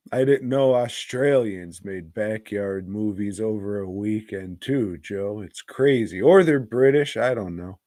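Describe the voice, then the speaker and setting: Slow, rambling male podcast co-host. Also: mid-range voice, darkish tone, no echo, studio quality. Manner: rambling, joking, drops "mate" and "blokes and birds" slang. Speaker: podcast co-host reviewing movies. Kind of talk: casual, profane movie-review banter.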